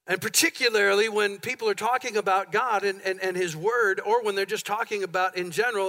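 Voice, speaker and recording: A man delivers a sermon from the pulpit of a church, his voice high and bright. He leans hard into emphasis, piling up repeated phrases to drive each point home. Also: brisk, hardly any pauses. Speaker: pastor. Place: church sanctuary.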